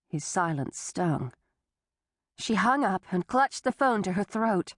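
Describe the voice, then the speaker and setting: A woman narrating an audiobook thriller in a steady, even storytelling manner. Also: medium pitch, takes it slowly, dry recording, clean studio sound. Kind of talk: scripted narration.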